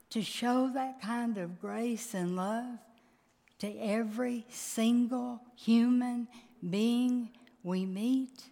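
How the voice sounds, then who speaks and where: A woman preaching a sermon, emotive and emphatic, with sudden loud peaks. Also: a little high, drawn-out words. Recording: long reverb of a large hall.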